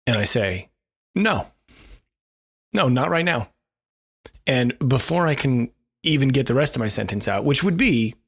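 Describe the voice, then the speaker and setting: A man's voice: fairly low pitch, vocal fry, slightly rough. A man co-hosting a podcast, telling a self-deprecating story in a wry, casual way. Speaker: podcast co-host.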